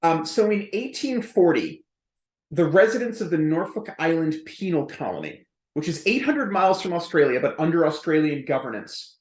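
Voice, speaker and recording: Man, historian guest, higher pitch, echoey room, lively explainer with asides. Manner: lively academic storyteller, quick asides. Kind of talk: podcast interview.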